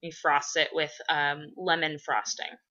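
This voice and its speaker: A woman vlogger chatting casually through viewer questions, rambling and profane with lots of fillers, sometimes breaking into loud excited gushing. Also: low voice, unhurried. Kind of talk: casual chat. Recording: dull lo-fi recording.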